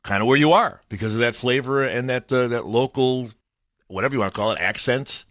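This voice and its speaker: A man from Chicago hosting a morning radio show, chatting casually in an animated, storytelling way at a studio mic. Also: medium pitch, brisk, dry recording. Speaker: radio host. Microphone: studio microphone.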